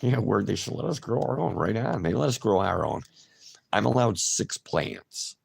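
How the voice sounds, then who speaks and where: A man's voice: lowish voice, expressive, normal speed, vocal fry, breathy edge. A man hosting a casual livestream, chatting loosely and answering viewer comments by name. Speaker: livestream host.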